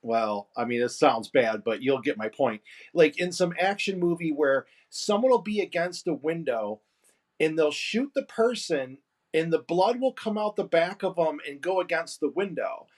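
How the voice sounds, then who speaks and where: High-voiced American man, chatty. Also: lively intonation, moderate pace. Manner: chatty, opinionated, explains with examples. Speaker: livestream co-host. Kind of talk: casual chat.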